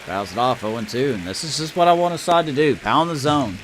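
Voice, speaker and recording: A man's voice: medium pitch, lively intonation, fairly quick, a little hiss or hum. A man casually commenting on his baseball video game, chatty and self-deprecating, reacting to each play. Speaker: gamer playing a baseball franchise mode.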